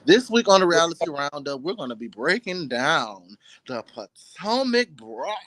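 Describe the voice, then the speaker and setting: A man's voice: a little high, big pitch swings, measured pace, a bit bright, slight background noise, poor audio. Sassy, playful male host. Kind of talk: casual chat.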